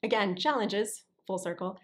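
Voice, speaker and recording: A woman who works as an actor and voiceover artist chats as a guest in a casual interview, often restarting sentences and checking that the listener is following. Her voice is mid-range, at a moderate pace.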